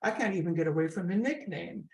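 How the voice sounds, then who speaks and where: A woman in her sixties with a Scottish accent, telling her story with lively asides in an interview. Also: fairly low pitch, fast. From Scotland. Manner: chatty, animated storyteller with asides. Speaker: guest comedian. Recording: echoey room.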